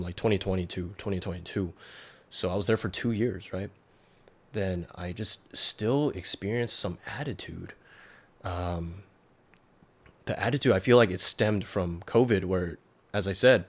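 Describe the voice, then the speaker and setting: Man, thirties, lowish voice, casual storytelling, rambling, lots of fillers. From United States. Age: 30s. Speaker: podcast host.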